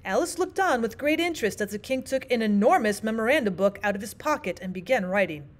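A woman teacher reading a classic children's book aloud with expressive storytelling. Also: a little high, fast talker. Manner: expressive, sing-song storytelling. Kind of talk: audiobook narration.

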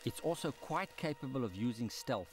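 A man giving a calm, measured, scripted voice-over for a wildlife documentary he presents. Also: mid-range voice. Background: documentary score music.

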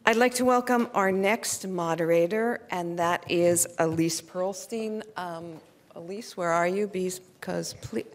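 A woman moderating a conference panel, speaking in a quick, chatty and slightly flustered way. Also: mid-range voice, lively intonation. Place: conference stage.

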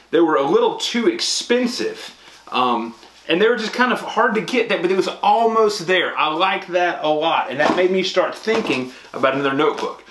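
Male vlogger, 30s, rambling and chatty, fairly high voice; roomy recording with audible background hiss. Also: a bit bright. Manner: chatty, rambling with many restarts and ums. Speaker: pastor and vlogger. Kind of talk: casual talk to camera. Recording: echoey room with clear background noise.

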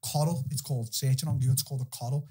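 A young man, a podcast guest, telling animated, profane stories in casual chat and laughing through them. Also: medium pitch, racing, husky.

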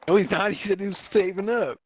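A man's voice: high voice, fairly quick. A young man joking and swearing freely in party chat while gaming. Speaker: gamer in voice chat. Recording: roaring wind noise over voice chat.

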